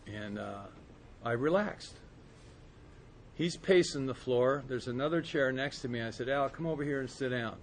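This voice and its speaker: A man giving a personal recovery testimony to a group, earnest and storytelling, slowing and softening at quiet moments. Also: medium pitch, lively intonation, a little hiss or hum. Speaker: speaker sharing his recovery story.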